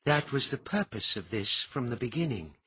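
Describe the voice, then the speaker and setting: Man doing a gentle goddess lady, soft and fond, husky, dry dull sound. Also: mid-range voice, big pitch swings, normal speed, no room sound. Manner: gentle, absent-minded, soothing. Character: calm ancient goddess, fond and unhurried.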